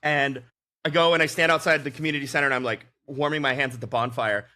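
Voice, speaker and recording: A man chatting casually on a podcast, telling animated anecdotes and laughing often. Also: mid-range voice, quick pace. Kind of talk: casual chat, storytelling.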